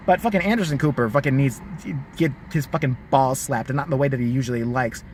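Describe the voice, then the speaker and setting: A man's voice: mid-range voice, fast talker, darkish tone, slight background noise. A man ranting in a vlog commentary, profane and mocking. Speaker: vlogger.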